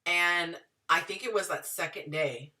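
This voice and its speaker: A woman in her thirties telling her story to viewers in a chatty, animated way. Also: on the low side, measured pace, distant mic. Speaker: dating and relationship advice vlogger.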